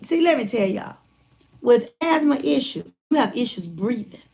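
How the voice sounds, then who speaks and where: A motivational speaker telling a personal story in a casual, folksy way, retelling conversations and calling listeners by name, still getting over a chest cold. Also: female voice, a little high, sing-song, moderate pace, gravelly, darkish tone. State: recovering from chest cold, congested breathing. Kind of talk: casual testimony talk.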